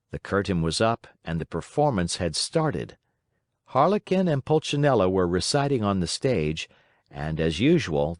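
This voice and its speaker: A man reading a classic children's storybook aloud in an expressive, dramatic way. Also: fairly low pitch, no room sound, clean studio sound. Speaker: audiobook narrator. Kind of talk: scripted storybook narration.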